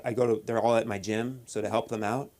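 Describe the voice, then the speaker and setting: A man doing a deadpan stand-up set at an open mic, halting with many restarts and fillers. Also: lowish voice. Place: comedy club stage.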